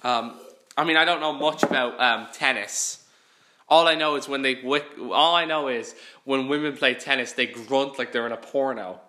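A man co-hosting a podcast in casual chat, with crude, excitable joking. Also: mid-range voice, normal speed. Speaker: podcast co-host.

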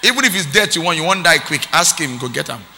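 A male pastor from Nigeria, preaching a sermon with shouted, sing-song call-and-response. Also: a little high, animated, fast talker, gravelly, long reverb tail.

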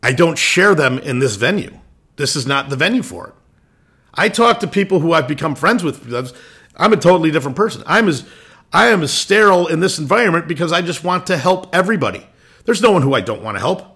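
Blunt ranting man with husky voice. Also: fairly high pitch, very animated, fairly quick, fairly bright tone. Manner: blunt, swears, ranting, many restarts. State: irritated. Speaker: lacrosse podcast host. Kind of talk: opinion rant.

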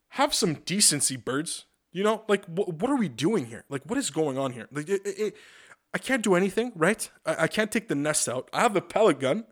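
A man hosting a podcast, telling rambling, profane stories with lots of stammered restarts. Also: fairly high pitch. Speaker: podcast host. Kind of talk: casual comedic monologue.

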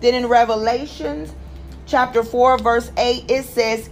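A woman's voice: fairly high pitch, fairly even intonation, unhurried, soft background music. A woman hosting a daily prayer program, teaching devotionally and stressing words by repeating them. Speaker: prayer host.

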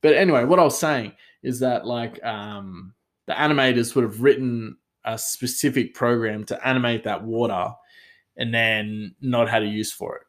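A man's voice: medium pitch, normal speed. A man telling a casual, rambling story with many fillers, self-mocking and often laughing.

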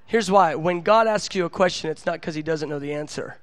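A middle-aged man preaching a sermon as a story, animated and self-mocking, acting out his own dialogue. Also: a little high, fairly quick, no room sound, some chatter behind. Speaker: pastor.

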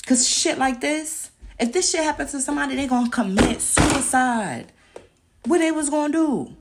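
A woman's voice: sits high, normal speed, slight background noise. A young woman hosting a podcast, ranting in a heated, profane and confrontational way and firing off repeated rhetorical questions. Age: young adult. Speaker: podcast host. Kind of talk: angry podcast rant.

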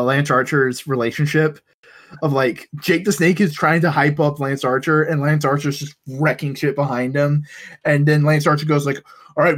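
Relaxed man recapping with amused asides. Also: fairly high pitch. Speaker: podcast co-host. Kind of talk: casual chat.

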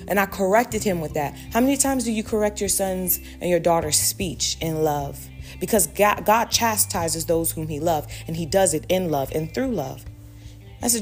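A woman's voice: fairly low pitch, normal speed, darkish tone, faint music behind. Fervent woman giving spiritual advice. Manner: fervent, preacherly. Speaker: Christian parenting speaker. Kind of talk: spiritual teaching monologue.

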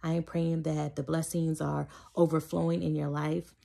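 A woman's voice: deep voice, little pitch movement, normal speed, creaky, warm tone. A woman recording an upbeat, encouraging birthday message for a friend, using casual slang.

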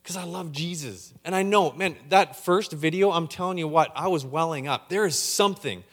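A man with a fairly high-pitched voice preaches at a moderate pace in a church hall with a long reverb tail. Excitable by nature, he gets hyped up and stumbles over words he repeats.

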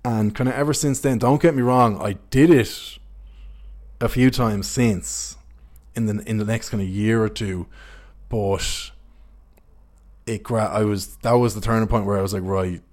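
Young bloke, lowish voice, swears freely, rambles through his stories. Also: steady tone, measured pace, darkish tone. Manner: candid, sweary, rambling anecdotes. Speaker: podcast host. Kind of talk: casual storytelling chat.

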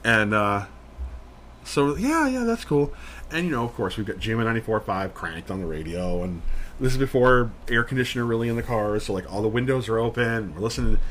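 A man co-hosting a podcast, telling a story in casual chat, rambling and animated, full of "like". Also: fairly low pitch, fast, slight background noise. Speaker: podcast co-host.

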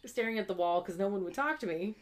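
A woman's voice: medium pitch, lively intonation, quick pace. Young woman, casual podcast chat, chatty storyteller, laughs a lot. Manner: chatty storyteller, acts out quotes, laughs often. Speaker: podcast co-host.

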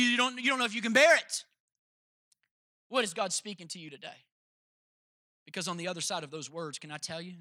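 Bright-voiced preaching pastor, dry sound. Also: male voice, dry recording. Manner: storytelling that swells into loud, high-pitched preaching. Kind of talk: sermon.

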